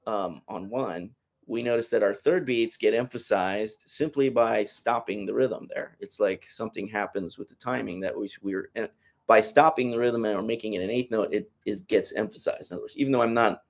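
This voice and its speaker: A man's voice: lowish voice, brisk, creaky. A man teaching a flamenco guitar masterclass, explaining in a loose, rambling way and counting beats aloud while he plays. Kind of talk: masterclass demonstration. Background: loud guitar playing.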